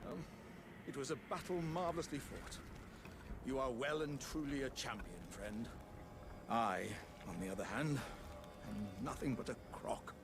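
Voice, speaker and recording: A man's voice: normal speed, natural voice. An actor playing a humble, hearty male warrior jar in a video game, speaking in a formal, gallant, old-fashioned way. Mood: self-deprecating. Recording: game audio with loud rumbling noise.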